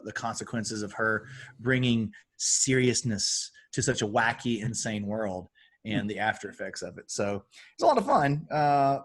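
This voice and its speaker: A man in his thirties from Alabama with a Southern twang, an animated, self-deprecating guest chatting about games and whiskey. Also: fairly low pitch. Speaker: guest, game designer. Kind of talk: casual chat.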